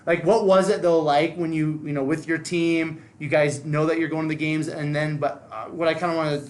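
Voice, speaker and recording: A man hosts a podcast interview with a voice a little higher than usual for a man. His questions wander and circle back, full of fillers and restarts, and he murmurs agreement while his guest talks. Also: steady tone, a little fast. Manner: rambling questions with many fillers and backchannels. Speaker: podcast host. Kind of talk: casual interview.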